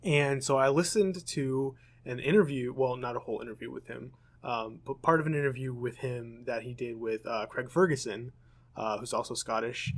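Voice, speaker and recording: Young American guy, podcast co-host, casual rambler, mid-pitched, lots of ums. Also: steady tone, moderate pace. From United States. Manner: rambling, self-correcting, frequent ums. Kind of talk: casual chat.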